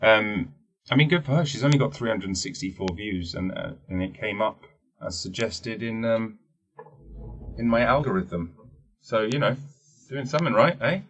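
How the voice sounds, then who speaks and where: A man's voice: fairly low pitch, animated, moderate pace, a bit bright, lo-fi sound. A man hosting a casual solo podcast, rambling and jokey and swearing freely. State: wearing teeth-straightening trays. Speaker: podcast host.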